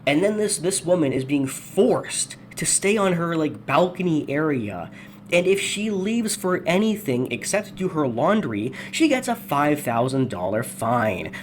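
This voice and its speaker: A man's voice: a little high, sing-song, measured pace, slight background noise. A man hosting a ranting video commentary, angry, sarcastic and profane. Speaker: commentary host.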